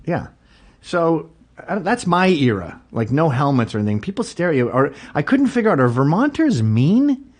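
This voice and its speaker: A podcast guest tells a rambling story during a casual chat, animated and laughing, loudly acting out the quotes of the people involved. His voice is fairly high-pitched, at a moderate pace.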